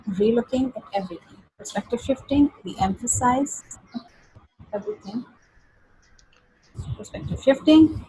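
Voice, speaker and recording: A woman's voice: medium pitch, a little mellow, a little hiss or hum, rough recording. Hesitant woman reading a text aloud. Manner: hesitant, many fillers and restarts. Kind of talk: halting read-aloud and discussion.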